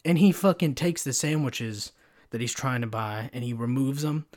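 A man's voice: mid-range voice, moderate pace, a little mellow. A young man hosting a solo podcast, rambling through a story with constant swearing and fillers, close on a pop-filter mic. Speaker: podcast host. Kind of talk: casual solo podcast rant.

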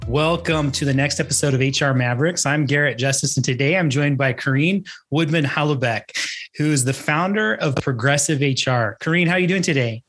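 A man's voice: on the high side, a little fast, fairly bright tone, soft background music. A man hosting a podcast interview, friendly and encouraging, asking questions in a casual way. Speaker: podcast host.

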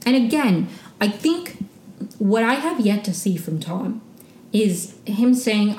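Young woman, chatty recap host, warm lowish voice, echoey room. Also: lively intonation, slow pace. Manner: chatty, many "like" fillers, opinionated. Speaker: podcast host recapping reality TV. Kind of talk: casual solo recap chat.

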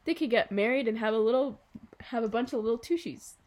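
A woman plays a middle-aged father in a storybook reading, playful and quick to tease. He turns excitable and animated as he jokes. The read stays clear and close. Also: on the high side, lightly acted. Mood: excited.

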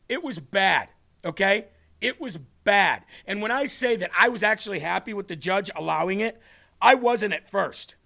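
Brief: loud, mocking male talk host, high bright voice, chatty and rambling. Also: lively intonation, moderate pace, gravelly. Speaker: political talk show host. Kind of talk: livestream commentary.

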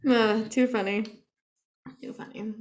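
A young woman co-hosting a podcast, chatting casually and telling animated family stories with frequent laughter. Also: on the high side, measured pace, dull audio. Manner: animated storyteller, laughs often. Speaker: podcast co-host. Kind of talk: casual chat.

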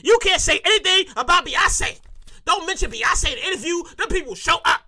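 A woman performing a comic monologue from her own script, animated, repeating lines for emphasis and laughing at her own jokes. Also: extremely high pitch, fairly quick. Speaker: comedic monologuist.

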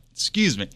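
Bright, slow-talking radio sidekick man. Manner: hesitant, laughing at himself. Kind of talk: casual radio banter. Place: radio studio.

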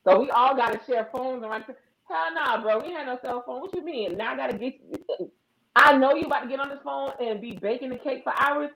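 A woman co-hosting a casual chat, telling animated stories and acting out both sides of phone calls. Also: high-pitched, fairly quick, vocal fry, roomy sound, poor audio. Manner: animated storyteller, acts out phone calls in other voices. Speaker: podcast co-host.

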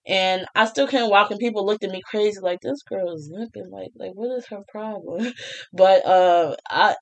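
A young woman telling a casual storytime, chatty, with frequent laughs and restarts. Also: mid-range voice. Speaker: vlogger.

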